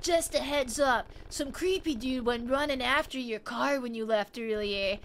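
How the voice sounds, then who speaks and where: A woman voicing a spaced-out, friendly stoned man in an alley, drawling slowly as she reads game dialogue. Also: a little high, fairly bright tone, slight background noise. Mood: mellow drawl.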